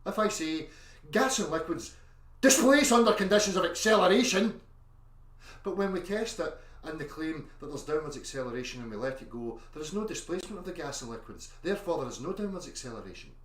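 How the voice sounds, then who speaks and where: A man's voice: on the high side, sing-song, fast, few pauses, recorded from a distance. A man ranting aggressively in a monologue, insisting and swearing as he argues. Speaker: online commentator. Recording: echoey room, voice off-mic.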